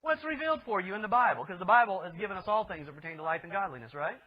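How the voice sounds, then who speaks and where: A man's voice: sits high, expressive, rapid-fire. A male pastor preaching a sermon with emphatic delivery, asking rhetorical questions of his listeners. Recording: dull lo-fi recording.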